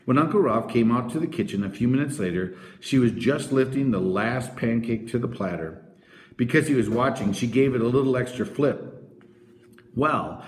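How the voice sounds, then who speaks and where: Male narrator for a children's book, expressive, animated pitch, roomy echo. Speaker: audiobook narrator. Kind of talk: scripted narration of a children's novel.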